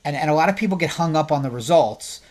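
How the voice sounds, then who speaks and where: A man who works as a therapist, hosting a podcast and giving his opinion in a conversational way. He asks the listener rhetorical questions and gets louder and more emphatic when he makes a point. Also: on the high side, lively intonation, fast talker.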